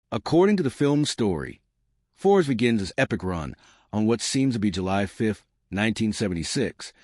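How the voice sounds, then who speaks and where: Guy narrating a countdown list, lowish voice that swings around a lot, dry close sound. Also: a little mellow, no echo. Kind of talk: scripted narration.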